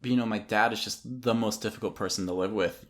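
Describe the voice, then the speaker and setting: Young guy with a lowish voice, rambling story w/ lots of ums, does mocking voices of people. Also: steady tone, brisk. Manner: rambling with many ums and likes, mimics others mockingly. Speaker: podcast guest, photographer. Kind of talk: casual storytelling.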